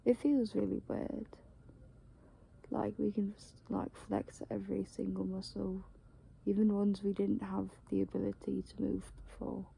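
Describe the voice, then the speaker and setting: A tired woman rambles along in a very dark, mellow voice with a gravelly edge of fry. Her talk meanders, packed with "like" and casual swearing, as if chatting to someone close. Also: mid-range voice, level tone, normal speed. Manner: meandering, heavy use of "like" and swearing.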